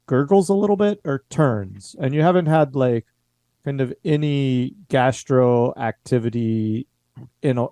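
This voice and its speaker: A man's voice: mid-range voice, mellow, dry recording. A man narrating as game master, rambling and hesitant, with many filler words.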